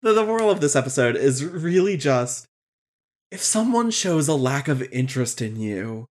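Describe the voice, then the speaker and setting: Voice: mid-range voice, sing-song, normal speed. A podcast co-host in casual chat who laughs often and swears casually.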